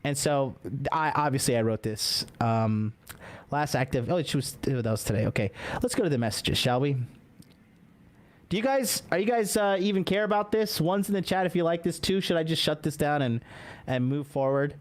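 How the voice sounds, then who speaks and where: A man's voice: on the high side, expressive, moderate pace. Brash, profane young male host. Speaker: podcast host. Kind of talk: casual live-stream chat.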